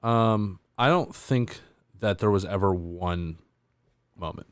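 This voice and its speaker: A man hosting a casual podcast conversation in a very low voice. He rambles and hesitates, leaning on fillers as he talks. The recording is dry and close. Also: takes it slowly, clean tone, no echo. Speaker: podcast host. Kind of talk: casual chat.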